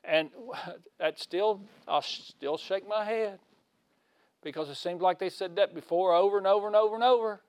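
A man giving a conversational sermon in a folksy way, asking his listeners questions and swinging from loud to hushed. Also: high voice, normal speed, no echo. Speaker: preacher.

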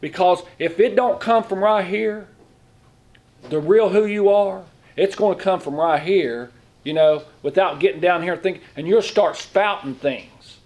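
Middle-aged man, lay preacher, folksy sermon delivery, slightly high voice, keeps asking the congregation questions. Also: measured pace, a little mellow. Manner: folksy, asks the room questions; speaks in plain, informal grammar. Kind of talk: conversational sermon.

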